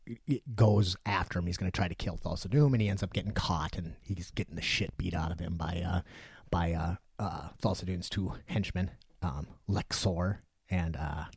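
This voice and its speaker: Deep gravelly guy rambling about old movies, cursing casually, dry mic. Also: a little mellow, dry recording. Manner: swears freely, rambling storytelling. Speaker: podcast co-host. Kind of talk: casual chat.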